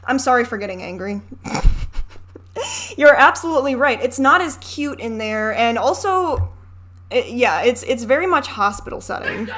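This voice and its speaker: A chatty young woman hosting a reaction video, talking over a film in a loose, candid way. Her voice sits a little high, and she rants and swears between asides. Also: big pitch swings, measured pace, long pauses, fairly bright tone. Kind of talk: casual commentary over a film.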